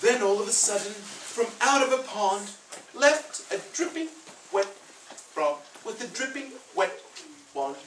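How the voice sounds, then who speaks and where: A woman's voice: a little high, sing-song, a little slow, fairly bright tone. A woman reading a picture book aloud to children in a playful, inviting way. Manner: playful, inviting listeners to join in. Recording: echoey room, far from the mic, noisy.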